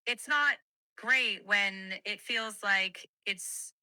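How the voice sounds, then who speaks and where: Ai assistant lady voice, slow and polite, really bright and crisp, dry. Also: medium pitch, no room sound. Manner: polite, measured, accommodating. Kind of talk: conversational AI replies.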